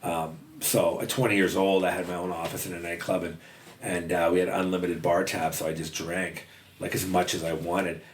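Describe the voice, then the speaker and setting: A man's voice: sits low, flat delivery, moderate pace, slight background noise. A man telling his story as a podcast guest, blunt and swearing freely, with lots of fillers. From western Canada. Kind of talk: casual storytelling interview.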